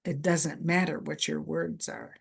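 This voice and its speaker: Slow, low-voiced woman lecturing. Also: steady tone, vocal fry, slightly rough. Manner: slow, deliberate, repeats key phrases in short lists. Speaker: workshop presenter. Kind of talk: conference lecture.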